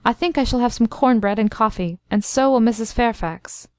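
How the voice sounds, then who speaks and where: A woman's voice: fairly high pitch, normal speed, no echo, studio quality, close to an everyday voice. A woman doing a stern old colonel. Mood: deliberate. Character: older male colonel, stern yet kindly gentleman.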